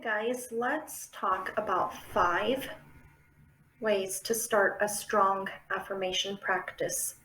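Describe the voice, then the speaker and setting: A woman talks her listener through an affirmation practice in a relaxed, chatty way, tossing in little check-ins as she goes. Her voice sits at an ordinary pitch, and the room around her rings with noticeable echo. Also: slow. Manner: chatty, checks in often with tag questions. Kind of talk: casual instructional talk. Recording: roomy, echoey room.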